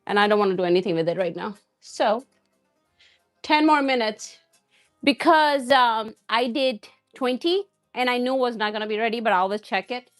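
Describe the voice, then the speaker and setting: A woman's voice: fairly high pitch, normal speed, soft background music. Chatty woman hosting a cooking stream. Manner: chatty, reads out and answers viewer comments, laughs often. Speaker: cooking live-stream host. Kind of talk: casual chat while cooking.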